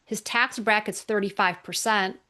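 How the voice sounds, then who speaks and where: A woman's voice: mid-range voice, normal speed. Emphatic woman tax accountant presenting. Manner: emphatic, energetic, with rhetorical questions. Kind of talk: recorded educational presentation.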